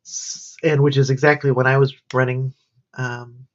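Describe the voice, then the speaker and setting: A woman's voice: rumbling low, level tone, moderate pace. A tired woman, a college student, rambling through her day in a casual livestream diary. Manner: rambling, wandering chat. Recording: dull lo-fi stream audio.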